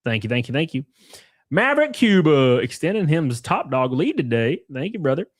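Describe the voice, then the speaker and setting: A man's voice: a little high, very animated, moderate pace, no echo. Casual man chatting on a dry close mic. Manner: loose and rambling, frequent laughs and crude asides. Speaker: streamer reacting with chat. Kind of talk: casual livestream chat.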